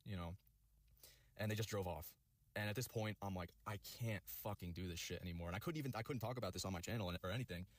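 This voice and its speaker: A man tells a long personal story at breakneck speed, swearing constantly and piling up fillers. His voice sits somewhat low. The sound is dry and close to the mic. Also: dry recording. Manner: rapid, profane, rambling with many fillers. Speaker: vlogger telling a personal story. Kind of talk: rambling storytelling.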